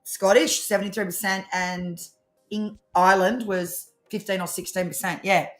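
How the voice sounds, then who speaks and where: A woman, co-hosting a live tarot stream in rambling, animated casual chat. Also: mid-range voice, moderate pace, soft background music. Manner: chatty, rambling, animated storytelling. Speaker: tarot reader co-host.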